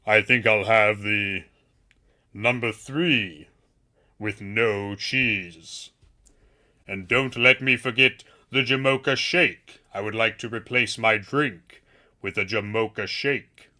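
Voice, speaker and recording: A man's voice: fairly low pitch, pushed and bright, heavily acted. Count Dooku: a man doing a stately old villain. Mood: haughty. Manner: slow, stately, refined. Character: aristocratic elderly male villain, haughty and composed.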